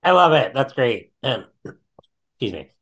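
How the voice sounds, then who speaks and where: A man's voice: mid-range voice, very animated, measured pace, fairly bright tone, highs cut off. A man hosting a podcast, speaking in an upbeat way as he steers toward closing. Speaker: podcast host. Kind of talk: casual interview talk.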